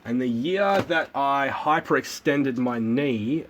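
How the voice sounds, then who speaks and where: A man's voice: mid-range voice, animated, slow, fairly bright tone, a little hiss or hum. Australian man, rambling and casual. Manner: rambling, repeats words, swears freely. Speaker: livestream host. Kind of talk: casual chat and joke telling.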